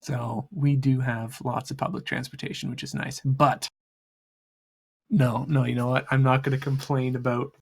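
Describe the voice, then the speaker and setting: Husky-voiced man, halting chat. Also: medium pitch, flat delivery. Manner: halting, stammers and laughs mid-sentence. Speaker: player. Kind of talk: casual out-of-game chat.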